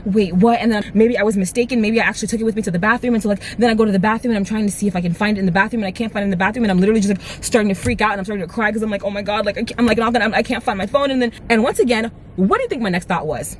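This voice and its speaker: Young adult storyteller, mid-pitch, rapid and animated, filler-heavy, casual profanity. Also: slight background noise. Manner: fast, rambling retelling full of "like" and "right?"; animated, swears freely. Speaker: vlogger. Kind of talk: storytime vlog.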